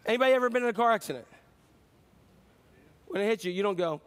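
High-voiced, animated male pastor preaching. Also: quick pace. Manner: animated, acts out shouts and voices for the congregation; jokes with the audience. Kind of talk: sermon.

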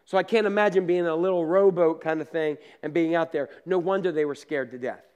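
A male pastor with a slightly high, clean voice preaches quickly, telling his sermon like a conversational story with down-to-earth asides. He moves between loud bursts and quiet remarks, and the audio sounds dull.

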